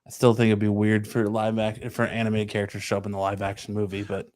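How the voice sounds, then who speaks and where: A man's voice: fairly low pitch, completely flat delivery, fast, a little mellow, no room sound, studio quality. A man co-hosting a casual podcast, reading news stories aloud and riffing loosely on them.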